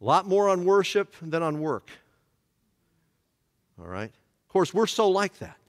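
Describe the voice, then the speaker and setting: A man's voice: sits high, big pitch swings, measured pace, long reverb tail. A man teaching a church Bible study who keeps asking his class to fill in the answers. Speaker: pastor.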